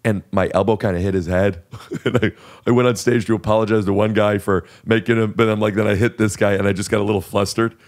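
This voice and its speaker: A man's voice: fairly low pitch, fairly even intonation, fast. A man in his thirties hosting a podcast, telling a long, self-questioning story in a casual, rambling way. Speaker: podcast host. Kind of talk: casual chat. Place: podcast studio.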